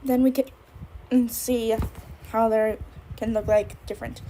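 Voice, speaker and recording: A woman's voice: on the high side, level tone, slow pace, mellow, slight background noise, poor audio. Woman chatting with hiccups while drawing. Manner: rambling, thinking aloud while drawing. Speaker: streamer. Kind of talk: casual drawing stream chat.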